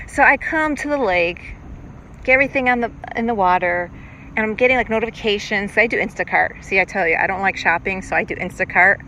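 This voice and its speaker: A woman's voice: medium pitch, brisk, sharp tone, rough recording. A middle-aged woman hosting a podcast, talking in a rambling, chatty and self-reflective way while out on a lake. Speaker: podcast host. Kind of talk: casual monologue. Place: outdoors on a lake, on a paddleboard. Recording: outdoor lake recording with boat noise. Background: boats passing on the water.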